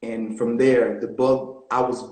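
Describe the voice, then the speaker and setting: Man, mid voice, relaxed animated interview guest, roomy video-call sound. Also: medium pitch, measured pace. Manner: relaxed, animated storytelling with fillers. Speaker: guest actor. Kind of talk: casual interview storytelling.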